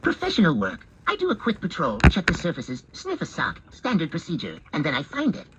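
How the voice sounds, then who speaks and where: A man's voice: fairly high pitch, a little fast, muffled recording, heavy background noise. Wry man narrating as a cat. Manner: wry, deadpan, mock-serious. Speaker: narrator speaking as a pet cat. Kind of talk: comic first-person storytelling. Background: background music.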